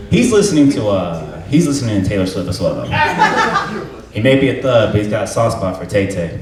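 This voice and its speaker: A young man performing a stand-up comedy set, telling stories in a laid-back way and laughing at his own jokes. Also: lowish voice. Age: young adult. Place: live comedy venue with audience laughter. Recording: roomy hall sound, mic at a distance, faint noise.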